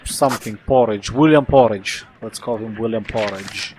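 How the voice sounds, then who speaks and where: A man's voice: on the low side, moderate pace, few pauses, darkish tone, a little hiss or hum, poor audio. A man, playing and commenting on a detective game in a rambling, playful way. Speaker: let's play host. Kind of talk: gameplay commentary.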